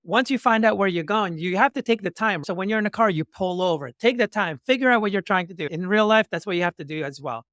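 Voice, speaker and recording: A man's voice: high voice, quick pace, hardly any pauses, dry recording, studio quality. A man hosting a talk show, telling stories with acted-out dialogue and speaking in motivational metaphors. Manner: acts out both sides of remembered dialogues with lively shifts. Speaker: podcast host. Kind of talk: animated storytelling in conversation.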